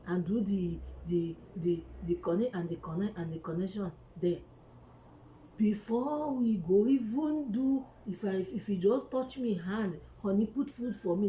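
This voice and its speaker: A woman with a Nigerian accent telling a comic story in an animated way, acting out sound effects as she goes. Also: mid-range voice. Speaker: comedian. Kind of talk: comic monologue to camera. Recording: echoey room with faint noise.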